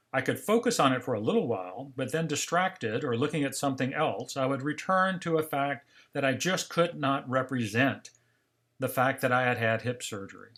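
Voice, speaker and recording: An older man delivers a seminar lecture in a calm, storytelling manner. His voice sits at an ordinary middle pitch, and he acts out remembered conversations along the way. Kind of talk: scripted seminar narration.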